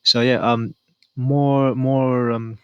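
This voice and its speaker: A man's voice: medium pitch, level tone, takes it slowly, clean tone, no echo, dull audio. A man casually reviewing a manga chapter, rambling and thinking aloud as he reads.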